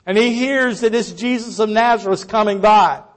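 A man preaching a sermon earnestly, with rhetorical questions and quiet trailing endings. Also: sits high, moderate pace.

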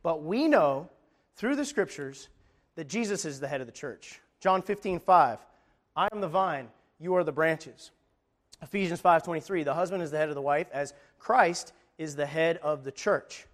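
A man's voice: fairly high pitch, expressive, normal speed. A man preaching a sermon, talking in a conversational, emphatic way with frequent restarts and scripture readings.

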